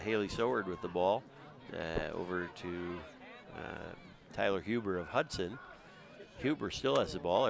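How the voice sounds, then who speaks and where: A man doing steady, conversational play-by-play for a high school soccer game outdoors. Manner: steady, conversational, with frequent uh fillers. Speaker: play-by-play commentator. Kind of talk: live sports commentary. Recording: crowd noise in the background. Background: crowd noise.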